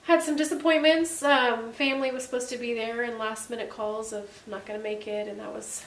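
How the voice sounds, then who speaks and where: A woman's voice: on the high side, fairly even intonation, a little fast. A woman in her forties co-hosting a casual faith-based chat, telling stories in a chatty way with many ums. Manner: chatty, warm-hearted storytelling with many ums. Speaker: podcast co-host. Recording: echoey room, distant mic, faint hiss.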